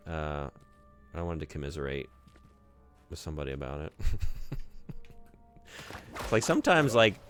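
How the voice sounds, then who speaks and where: A man's voice: a bass voice, sing-song, normal speed, pauses often, a bit bright, faint music behind. A man streaming a video game, chatting casually and rambling with lots of fillers and the odd swear. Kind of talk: casual gaming stream chat.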